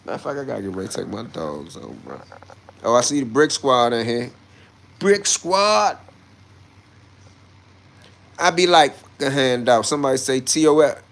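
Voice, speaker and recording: A man chatting casually on a livestream and answering viewer comments. He is brash and swears, moving between low muttering and loud outbursts. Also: expressive, fast talker, gravelly. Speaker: livestreamer reading chat comments.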